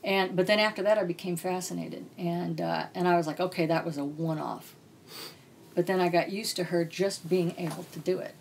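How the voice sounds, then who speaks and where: A woman's voice: lowish voice, fairly even intonation, fairly quick, vocal fry, hardly any pauses, a little hiss or hum. A woman author, a podcast guest, telling a personal story in a blunt, casual way and swearing freely. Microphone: podcast mic.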